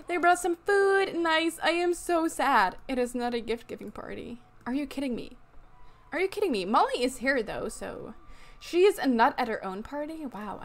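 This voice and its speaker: Gameplay commentator, woman, high bubbly voice, giggly and excitable, fan humming behind. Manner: excitable, giggly, exclaims often. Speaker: gaming YouTuber. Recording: fan noise in the background.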